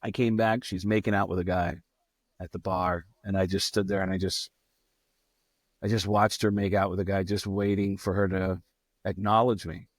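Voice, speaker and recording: A middle-aged man, a comedian guest on a podcast, telling a long casual anecdote in a profane, animated way and acting out what other people said. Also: sits low, moderate pace, no room sound, studio quality.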